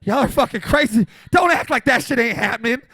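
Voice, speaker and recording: Man, 40s, stand-up comic, very high voice, bright and forceful, brash, swearing, shouting bursts. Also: quick pace, slightly rough, no echo. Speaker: stand-up comedian. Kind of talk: profane stand-up routine. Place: small live comedy venue.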